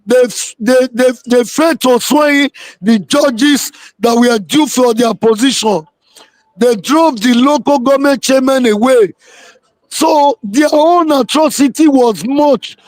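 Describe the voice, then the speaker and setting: Man, very high voice, dry sound, emphatic call-in guest. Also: measured pace, dry recording. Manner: emphatic, repeats himself for weight. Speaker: political guest on a live show. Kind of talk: live call-in interview.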